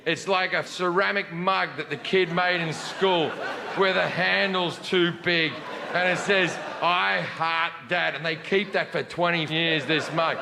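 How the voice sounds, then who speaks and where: A man's voice: high-pitched, fairly even intonation, unhurried, gravelly, long reverb tail, noisy background. A man performing a stand-up comedy routine, telling a story with exasperated delivery.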